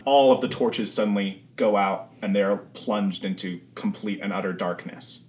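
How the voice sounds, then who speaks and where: Man narrating a tabletop game, rambling, casual, low voice, slight hiss. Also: normal speed, darkish tone. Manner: casual, rambling with many fillers. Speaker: game master.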